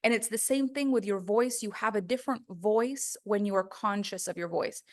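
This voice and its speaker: A woman's voice: medium pitch, moderate pace. A woman teaching a course on the voice in a casual, chatty way, full of "like" fillers. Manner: chatty, conversational, many "like" fillers.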